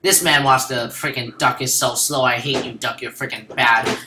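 A man giving casual, excitable commentary over his own gameplay, joking and repeating phrases as he plays. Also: mid-range voice, normal speed, echoey room, noisy background.

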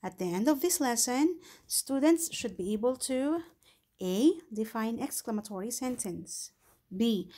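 Slow, patient woman teaching kids' grammar. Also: on the high side, darkish tone. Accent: Filipino. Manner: patient, repeats points, reads examples aloud with emphasis. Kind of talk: slow, deliberate online lesson for young learners.

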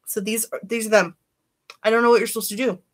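A woman's voice: fairly high pitch, steady tone, fast. A woman chatting casually on a beauty live stream, greeting viewers by name and giving candid opinions.

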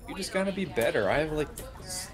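A man's voice: fairly high pitch, expressive, fast. A man playing a game with a friend, teasing him, laughing and calling out plays. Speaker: gaming friend. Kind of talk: casual gaming chat.

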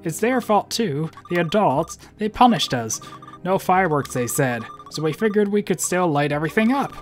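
A man reading aloud as a frightened young troublemaker, pleading and nervous. The voice rides a bit higher and louder than his own commentary. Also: lively intonation, normal speed, faint music behind. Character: scared young boy caught plotting mischief.

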